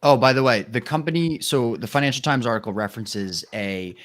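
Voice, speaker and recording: A man's voice: medium pitch, a little fast. A man from the show's production team, reading out viewer counts and pointing to sources.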